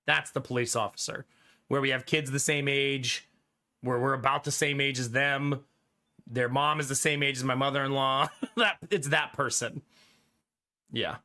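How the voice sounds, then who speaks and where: Bright-voiced rambling man chatting. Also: medium pitch, steady tone, normal speed. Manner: rambling, laughs often, swears casually. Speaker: streamer. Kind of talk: casual chat with live viewers.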